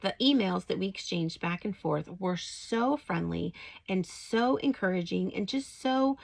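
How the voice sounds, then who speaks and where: A woman's voice: medium pitch, a little slow, vocal fry, rough recording. A middle-aged woman telling a personal story in a chatty, casual way, with many fillers, and turning it into a devotional message. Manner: chatty, with frequent fillers and rising excitement when retelling greetings. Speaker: Christian faith vlogger.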